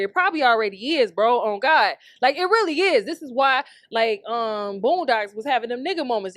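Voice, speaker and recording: Brash swearing woman ranting, fairly high voice. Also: a bit bright, no room sound, clean studio sound. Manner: brash, heated, swears constantly, laughs often. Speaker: podcast host. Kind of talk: profane comedic rant.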